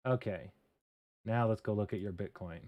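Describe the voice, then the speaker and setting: Coding and looking over charts on a casual livestream, this host talks things through at a normal speed in a lowish voice, and the recording has its high frequencies cut off. He's relaxed and mutters along, laughing at his slip-ups and swearing mildly at them.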